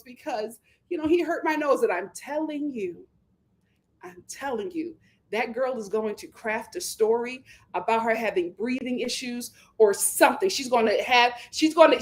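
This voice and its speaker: Animated sarcastic woman ranting. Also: high voice. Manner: animated, sarcastic, mocking impressions, breaks into laughter. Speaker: commentary channel host. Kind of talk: reality TV recap rant.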